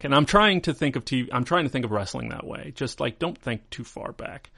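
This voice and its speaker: A man in a casual podcast chat, rambling through a wrestling recap in a middle-pitched voice. He slips into mocking put-on voices when quoting people. The sound is dry and close, with no room around it. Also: expressive, brisk, vocal fry, few pauses, a bit bright, dry recording. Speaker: podcast host.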